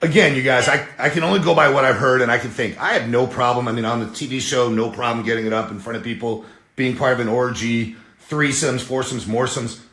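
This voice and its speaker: A man's voice: medium pitch, fairly even intonation, fast talker, a bit bright, roomy sound. A man hosting a podcast in casual chat, joking and laughing often as he interviews guests. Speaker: podcast host.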